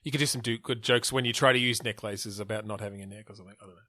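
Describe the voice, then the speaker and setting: A man's voice: on the low side, steady tone, very fast, sharp tone, slight background noise. A man hosting a podcast, steering a game-design brainstorm with questions and frequent restarts. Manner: steers the talk, asks questions, self-correcting restarts. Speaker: podcast host.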